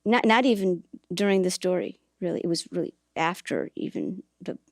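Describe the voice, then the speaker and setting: A woman's voice: fairly low pitch, sing-song, normal speed, gravelly, no echo, studio quality. A woman hosting a podcast, telling a personal story in a reflective, earnest way, with hesitations and restarts. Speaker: podcast host and author.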